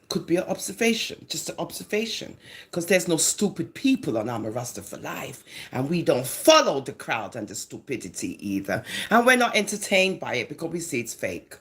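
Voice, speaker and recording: Sarcastic Jamaican woman ranting. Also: deep voice. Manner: sarcastic, mocking, animated. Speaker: social media commentator. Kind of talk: ranting commentary vlog.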